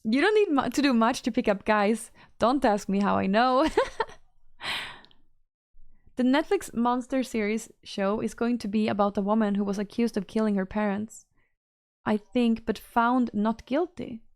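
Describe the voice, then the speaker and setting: A woman talks casually on a livestream, reacting to chat messages as they come in. Her voice sits a little high. The sound is close and dry, with almost no room. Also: moderate pace, a little mellow, no echo. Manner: chatty, reacts to chat, reads messages aloud. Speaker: streamer reading chat.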